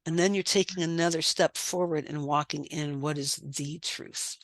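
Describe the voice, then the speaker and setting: A woman's voice: deep voice, fairly even intonation, normal speed, no room sound, studio quality. A middle-aged woman sharing her story as a podcast guest, earnest, repeating phrases for emphasis. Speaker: guest, life coach. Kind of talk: candid personal testimony.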